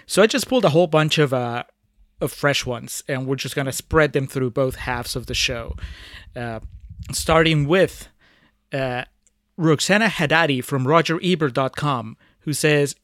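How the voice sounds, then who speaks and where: A man's voice: fairly high pitch, fairly bright tone, dry recording. Male podcast co-host, casual, reads quotes between asides, dead-dry room. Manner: reads critic quotes aloud, chatty asides.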